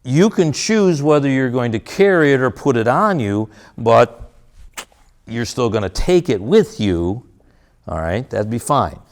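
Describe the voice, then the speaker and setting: Very animated yet unhurried, a man with a mid-range voice leads an interactive parenting workshop in a school auditorium or room, acting out parent and child conversations alongside audience volunteers.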